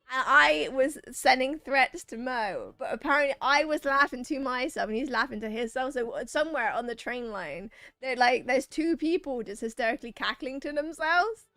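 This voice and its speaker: A woman with a high, bright-pitched voice chats with her viewers while she plays a game. She reads their messages aloud and teases them back. The sound is dry and close, with faint game music behind her. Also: no room sound. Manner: playful, chatty, reads chat messages aloud and banters back. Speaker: streamer playing a video game. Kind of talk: casual chat with a live chat while gaming.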